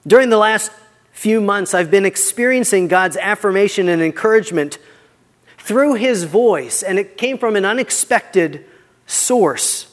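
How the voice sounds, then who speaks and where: A man preaching a sermon as pastor, earnest and conversational, often dropping his voice quietly for emphasis. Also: high voice, animated, measured pace, big-room sound.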